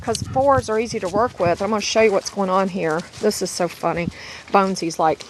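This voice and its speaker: A woman's voice: medium pitch, a little fast, background noise. A middle-aged woman, a dog breeder, narrating a casual home video in a chatty, rambling, affectionate way. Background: puppies squealing and playing.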